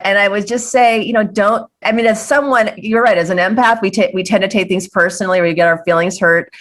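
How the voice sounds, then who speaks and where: A woman's voice: medium pitch, steady tone, a little fast, a bit bright. A middle-aged woman speaking as a guest in a casual interview, earnest and reflective, often restarting her sentences. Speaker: guest, filmmaker.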